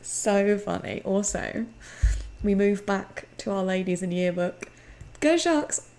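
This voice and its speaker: A podcast co-host with a medium-pitched voice chats casually through an episode recap at a measured pace. She's animated and acts out the characters' lines.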